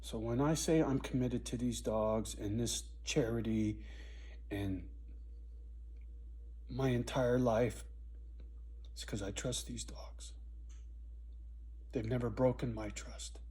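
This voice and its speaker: Husky, blunt, profane man. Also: medium pitch, fairly even intonation, slow pace, pauses often, warm tone. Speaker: vlogger. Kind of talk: raw personal storytelling to camera.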